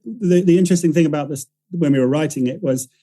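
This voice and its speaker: Rambling man with a very dark voice. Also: a little high, fast, low-quality recording. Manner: rambling, self-correcting storyteller who acts out quoted voices. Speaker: writer-director guest. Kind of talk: casual podcast interview.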